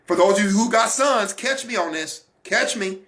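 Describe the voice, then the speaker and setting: A man's voice: high-pitched, lively intonation, moderate pace, bright, forceful tone. A man giving a Christian teaching talk, emphatic and repetitive, coaching his listeners directly. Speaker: broadcast minister.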